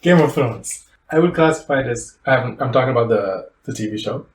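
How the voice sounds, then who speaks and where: A man's voice: medium pitch, lively intonation, moderate pace. A man co-hosting a podcast in casual chat, teasing and joking with his co-host. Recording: roomy, with faint ambient noise.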